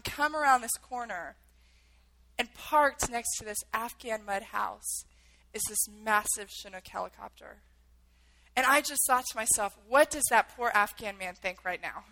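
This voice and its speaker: Bright-voiced woman telling a gripping story. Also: on the high side, poor audio. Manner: vivid, emotional retelling with acted-out quotes. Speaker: speaker telling a personal story. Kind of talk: dramatic personal storytelling.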